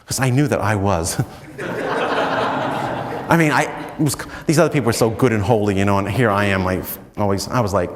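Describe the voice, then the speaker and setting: An American man, a priest, telling stories in a chatty, self-mocking retreat talk full of "you know"s, and often breaking into animated high swoops. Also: normal speed, pauses often, in a large hall. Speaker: priest giving a spiritual talk.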